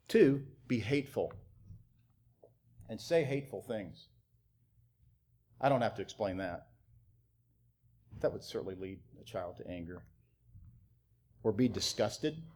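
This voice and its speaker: Lively-pitched male preacher with mocking asides. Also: unhurried, long pauses, slight background noise. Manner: animated preaching with mocking acted-out quotes. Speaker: pastor. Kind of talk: sermon.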